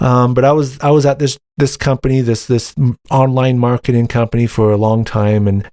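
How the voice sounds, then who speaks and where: Halting man telling his story, dry. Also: mid-range voice, darkish tone, no room sound. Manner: halting, repeats words, quotes his own past thoughts. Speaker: podcast host. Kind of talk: solo podcast storytelling.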